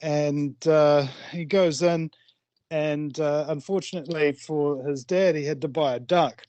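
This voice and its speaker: A man telling a long joke on an online call, pausing often with fillers. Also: a little high, fairly even intonation, warm tone, no room sound, lo-fi sound. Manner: rambling storyteller, many "uh" fillers. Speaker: caller in an online hangout.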